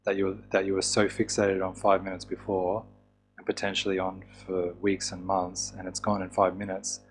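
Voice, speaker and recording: A man teaching a course on tapping therapy in a relaxed, casual way, with fillers and restarts. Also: low-pitched, a little hiss or hum. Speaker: EFT teacher.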